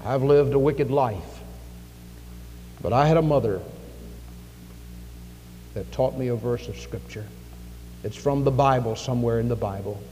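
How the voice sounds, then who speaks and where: A man in a church playing a gruff, hardened old army sergeant who speaks curtly to a dying soldier. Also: medium pitch, measured pace, long pauses, warm tone, close to an everyday voice. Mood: earnest. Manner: gruff, curt. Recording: echoey hall with faint music.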